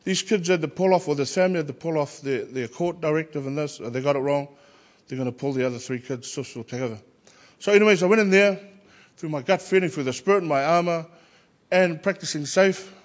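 Animated New man telling stories. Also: fairly high pitch, fast, lo-fi sound. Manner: animated anecdotes, acts out quoted voices. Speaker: Christian workplace chaplain. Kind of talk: personal storytelling.

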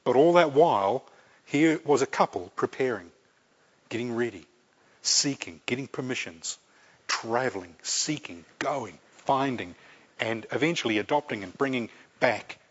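A man's voice: mid-range voice, animated, measured pace, breathy edge. A man preaching a sermon, earnest and repeating key phrases for emphasis. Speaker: pastor. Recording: dull lo-fi recording.

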